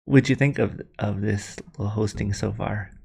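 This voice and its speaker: A man's voice: on the low side, steady tone, moderate pace, creaky, darkish tone, slightly rough. A man hosting a casual livestream, rambling and apologetic, with many fillers and restarts. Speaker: livestream host.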